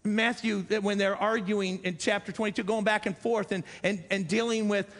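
Pastor guy preaching, fairly high voice, repeats himself for emphasis, echoey church. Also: steady tone, moderate pace. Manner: earnest, repeats phrases for emphasis. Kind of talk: sermon.

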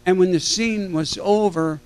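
An older man with a notably high voice tells loose, jokey stories from a convention panel stage. He keeps breaking off mid-sentence and circling back. Now and then he acts out the people he quotes. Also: unhurried, darkish tone, clear, resonant tone. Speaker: celebrity panel guest. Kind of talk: rambling anecdotal storytelling.

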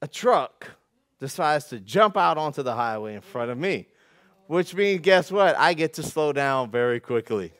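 A man delivers a conversational sermon from the pulpit, his voice sitting a bit higher than most men's. He tells everyday stories with folksy, self-deprecating humor and swings between soft asides and loud, emphatic peaks. The sound is dry and close, with little room echo. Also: expressive, normal speed. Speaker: pastor.

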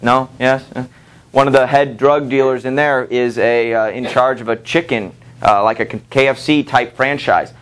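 A man teaching a high school literature class in a classroom, conversational and full of fillers as he reads quotes aloud. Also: steady tone, normal speed, a bit bright, clear, resonant tone. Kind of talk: classroom lecture.

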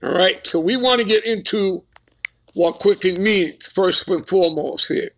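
A man's voice: high voice, measured pace, sharp tone. A man teaching scripture in a sermon, speaking emphatically and checking in with his listeners again and again. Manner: emphatic, keeps asking "all right?" and "okay?". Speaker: preacher.

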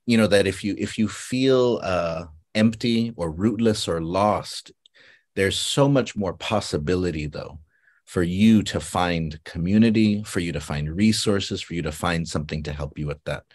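Low male host from Guam, rambling and reflective, video call chat. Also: a little slow, darkish tone. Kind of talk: casual panel chat.

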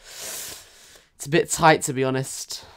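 A man's voice: mid-range voice, fairly even intonation, slow, fairly bright tone, smooth, dry recording, clean studio sound. A young man chatting jokily to his viewers while commentating a live game stream. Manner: chatty, jokey, talks to viewers.

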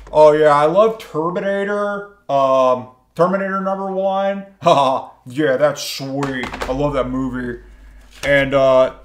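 A man's voice: a little high, a little hiss or hum. A man hosting a comic shop vlog, rambling and gushing and saying "oh yeah" over and over. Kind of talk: comedic vlog. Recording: roomy echo.

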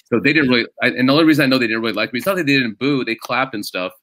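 A comedian being interviewed on a podcast, telling animated, self-deprecating stories in casual chat. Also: male voice, mid-range voice, racing, low-quality recording. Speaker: comedian guest.

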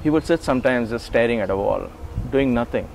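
Brief: man in his 40s, interview guest, lively anecdotes, mid-pitched, acts out quotes, faint background noise. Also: a little fast, vocal fry. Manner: animated, acts out quoted dialogue; frequent restarts and chuckles. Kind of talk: storytelling recollection.

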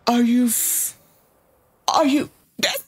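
A woman's voice: fairly high pitch, slow pace, slightly rough. A woman co-hosting a reaction video, exclaiming her disbelief over and over in casual slang.

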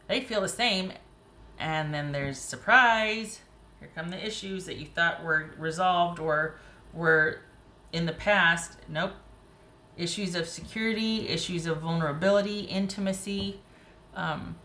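A woman with a bright, clear voice talks her way through a tarot reading, chatty and encouraging, often breaking into laughs and little exclamations. Her voice sits slightly low for a woman and carries in an echoey room with a faint hiss behind it. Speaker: tarot reader. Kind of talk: casual tarot reading monologue.

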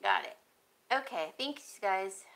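A woman with a mid-range, slightly bright voice and wildly swooping pitch chats casually on a live stream. She shows off jewelry at an unhurried pace, muttering to herself as she fiddles with her phone. The audio is poor.

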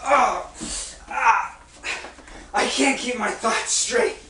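Job, an afflicted man crying out in anguish, played by a man in a stage play. The voice is slow and bright, heard from far off in an echoey room with faint noise. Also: very high voice, full character voice. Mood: pleading.

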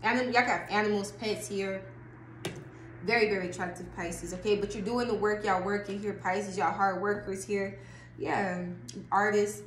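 With a mid-range voice, fairly even intonation, and a moderate pace, the woman sounds a bit bright. She's a tarot reader doing a casual, loose reading for her viewers, cursing and laughing freely. Faint noise and echo come from the room.

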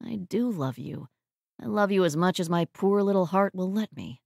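A woman's voice: mid-range voice, fairly quick, vocal fry, darkish tone, dry recording, clean studio sound, lightly acted. A woman voicing a dramatic, emotional young man who is head over heels in love. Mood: tearful.

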